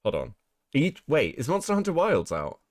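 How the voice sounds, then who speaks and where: A man hosts a casual livestream, his voice roughened by a cold. He swears freely and laughs often as he reads chat aloud, his pitch swinging up and down. The sound is dry and close to the mic. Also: wildly swooping pitch, brisk, dry recording. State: sick, rough voice. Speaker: streamer host.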